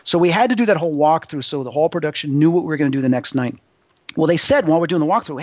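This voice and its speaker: A male guest telling an excitable, rambling story as a paranormal investigator, acting out other people's voices. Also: a little high, rapid-fire, no echo, dull audio. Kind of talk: animated anecdote storytelling.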